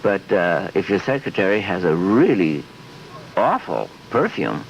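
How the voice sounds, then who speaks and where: A man's voice: sits low, measured pace, gravelly. A man in his fifties in a television interview, rambling and acting out little scenes in other voices. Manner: rambling, animated, acts out quotes in voices. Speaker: interview guest. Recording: dull lo-fi 1970s archive audio with faint hiss.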